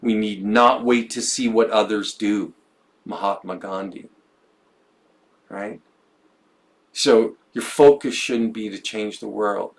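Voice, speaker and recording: A man's voice: lowish voice, takes it slowly, pauses often. A man talking reflectively on a podcast, thinking aloud and often repeating words as he goes. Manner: musing, stumbles and repeats words. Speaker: podcast co-host. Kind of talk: reflective conversational podcast talk.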